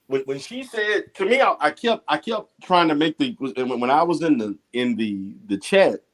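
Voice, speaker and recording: A man's voice: a little high, animated, normal speed, fairly bright tone, rough recording. A man who is a licensed therapist, speaking as a livestream guest with assurance and frequent restarts.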